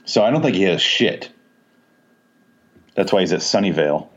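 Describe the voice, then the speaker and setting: Low-voiced man, profane casual chat. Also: moderate pace. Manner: profane, laughing, animated storytelling. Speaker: podcast co-host. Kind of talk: casual movie discussion. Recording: dull lo-fi audio.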